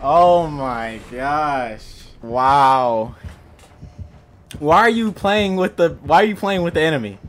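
A man giving let's play commentary, panicky and talking to himself, yelping and shouting for help. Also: fairly high pitch, animated, slow, slight background noise. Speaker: gaming video creator.

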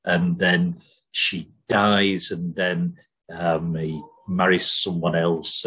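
A man's voice: low-pitched, fairly bright tone, breathy edge, rough recording. A man co-hosting a podcast, rambling and joking with lots of swearing and ums. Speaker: podcast co-host. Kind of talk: casual chat.

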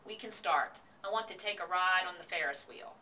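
A woman's voice: lowish voice, moderate pace, pushed and bright, far from the mic, slight background noise. Woman doing an earnest farm girl. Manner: earnest and emotional.

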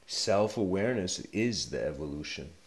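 A man's voice: sits low, lively intonation, moderate pace. A man giving a casual spoken lecture, telling a story in a rambling way, full of fillers. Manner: rambling, filler-heavy, laughs often. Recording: echoey room.

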